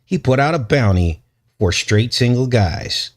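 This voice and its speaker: A man's voice: medium pitch, expressive, measured pace, close to an everyday voice. A man putting on a silly, overblown male TV newscaster voice, reading a story in an exaggerated mock-serious way.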